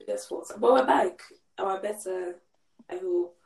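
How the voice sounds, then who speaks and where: A woman's voice: medium pitch, a little slow, creaky, far from the mic, crowd noise. Teasing young woman in an echoey room. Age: young adult. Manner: teasing and bossy in a joking way. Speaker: podcast co-host. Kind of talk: casual chat. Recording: echoey room, away from the mic.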